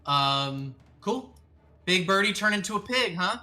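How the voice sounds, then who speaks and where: Male game master, sharp bright voice, laid-back, curses freely, lots of ums. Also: sits high, expressive, unhurried, soft background music. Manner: casual, swears a lot, many ums. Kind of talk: running a tabletop game over voice chat.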